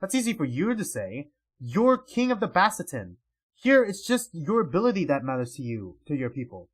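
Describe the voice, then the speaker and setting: A man's voice: fairly high pitch, sing-song, moderate pace, slightly rough. A man voicing a proud, bitter wolf warrior who speaks bluntly.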